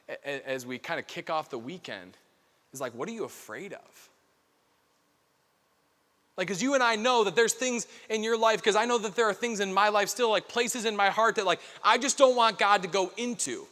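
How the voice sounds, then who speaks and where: A man's voice: high voice, expressive, fairly quick, bright, forceful tone. A man in his thirties giving an earnest, conversational conference keynote, full of casual fillers, on a stage microphone. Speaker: keynote speaker. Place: large hall. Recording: long hall reverb.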